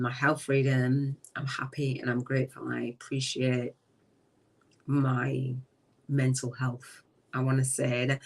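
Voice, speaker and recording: A middle-aged woman hosting a live-streamed spiritual talk from a relative's home. She speaks slowly and reflectively, trailing off and often dropping to a soft voice. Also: extremely low pitch. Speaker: podcast host. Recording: voice distant from the mic.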